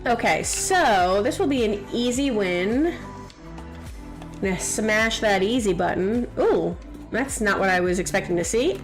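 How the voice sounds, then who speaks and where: A woman's voice: mid-range voice, expressive, soft background music. A young woman streaming a game, chatting casually and teasing the viewers in chat. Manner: chatty, reads chat aloud, quick jokes and teasing.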